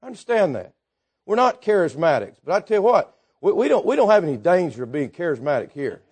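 A man preaching a Baptist sermon, building fervently to shouts and dropping low again, with chuckles between points. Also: big pitch swings, quick pace, slightly rough. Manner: fervent, rises to shouting then drops low.

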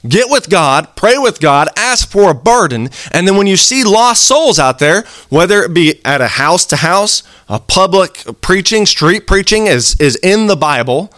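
A man's voice: sits high, big pitch swings, a little slow, few pauses, a bit bright, no echo. Guy preaching, earnest and chatty, voice bouncing all over, dry close sound. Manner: earnest, conversational preaching with acted-out quotes. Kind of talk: sermon.

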